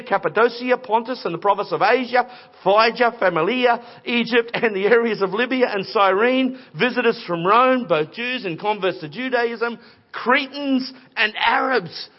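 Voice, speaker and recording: A man preaching a sermon in a conversational, animated storytelling way with playful voices. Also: high-pitched, moderate pace. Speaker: pastor. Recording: dull lo-fi recording.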